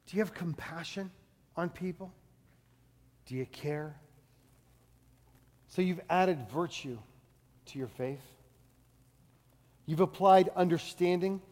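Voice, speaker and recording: High-voiced man preaching in a hall. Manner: conversational preaching, swings from loud to hushed. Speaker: pastor. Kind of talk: sermon.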